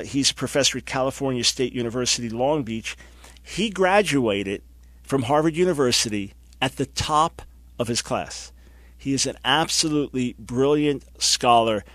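An emphatic man hosts a religious talk show, driving his points home with repeated phrases. His voice sits in an ordinary middle pitch and sounds dry and close to the mic. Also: fairly bright tone, no echo. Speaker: host. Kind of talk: broadcast Christian talk show.

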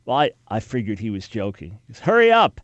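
A man's voice: on the low side, fast talker, a little mellow, no echo, lo-fi sound. A man from New York hosting a radio talk show, speaking earnestly and emphatically with frequent restarts.

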